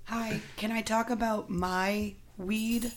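A woman's voice: on the high side, slow pace. A young woman who is sick, telling a chatty, profane story in casual conversation. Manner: chatty, profane, animated in quotes. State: sick, voice a bit rough.

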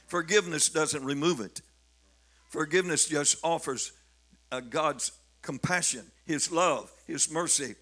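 A man's voice: on the high side, a little slow, a bit bright. Fervent older man preaching. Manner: fervent, rising to emphatic declamation, with frequent repetitions. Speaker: bishop preaching. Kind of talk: sermon.

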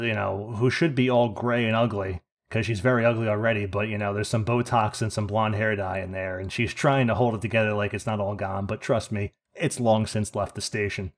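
Man ranting in profane story. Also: medium pitch. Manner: profane, animated ranting with laughs. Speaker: podcast co-host. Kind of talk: casual podcast storytelling.

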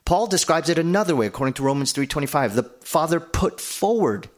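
A man's voice: a little high, expressive, brisk. Man preaching an earnest sermon. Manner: earnest preaching, building emphasis with lists. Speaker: pastor.

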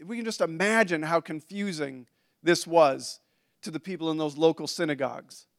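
High, smooth-voiced man preaching. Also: moderate pace. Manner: conversational, with restarts and asides. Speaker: pastor. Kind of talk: sermon.

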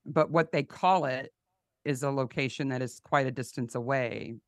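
A woman's voice: very deep voice, normal speed, no echo, studio quality. A woman guest on a podcast, chatting casually and with enthusiasm about a TV show. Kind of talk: casual chat.

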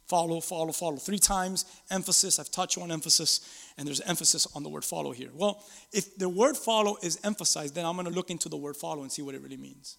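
A pastor preaches a sermon in a church sanctuary, his slightly high, creaky voice trailing off into a long reverb. He's animated, acting out scripture quotes and calling on the congregation to respond.

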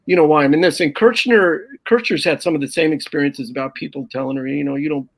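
A middle-aged man, a stand-up comedian, telling animated, salty road stories in casual conversation. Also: a little high, fast. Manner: animated anecdote with profanity and quoted voices. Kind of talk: casual storytelling on a podcast.

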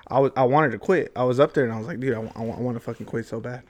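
Racing along at a medium pitch, this young adult man spins a long, wandering tale in relaxed chat. He swears a lot and keeps dropping "like" and "dude" into nearly every line.

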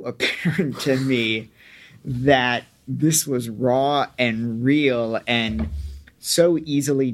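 A man hosting a podcast, reflecting frankly on a past show in a conversational way. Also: mid-range voice. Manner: reflective, frank, occasional swearing. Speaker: podcast host. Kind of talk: conversational commentary.

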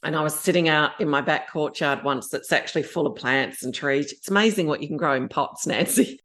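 Briskly and in a low, slightly bright voice, an Australian podcast guest in her fifties recounts her story frankly. She dramatizes the voices in her own head along the way.

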